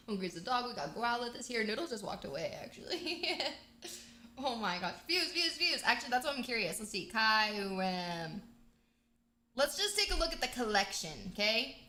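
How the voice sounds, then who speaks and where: Bubbly bright-voiced woman streamer. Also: on the high side, normal speed. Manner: bubbly, chatty, excited outbursts. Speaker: livestream host. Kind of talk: casual game livestream chat. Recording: echoey room.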